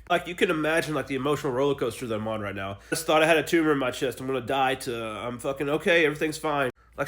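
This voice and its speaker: A man's voice: mid-range voice, fairly bright tone. A young adult man casually telling his own story in a blunt, profane, emotional way, acting out the people he quotes.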